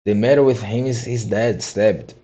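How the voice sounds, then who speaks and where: Brief: male reader as a terrified pirate crewman, hollow voice, gibbering, dark tone, storybook reading. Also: fairly low pitch, moderate pace, natural voice. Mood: frightened. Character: frightened adult male pirate sailor.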